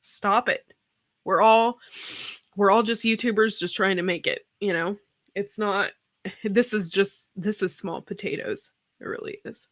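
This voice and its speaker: A woman's voice: medium pitch, steady tone, unhurried, no room sound, studio quality. Tearful woman rambling on a live stream. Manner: rambling, sighing, with many restarts. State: tearful after crying. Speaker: host of a farm channel live stream. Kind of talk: casual live-stream chat.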